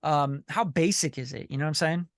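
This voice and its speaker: A man's voice: on the high side, brisk, creaky, dry recording, studio quality. A man coaching a member on a video call, blunt, profane and repetitive, often asking "you know what I'm saying". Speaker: sync licensing coach and group leader.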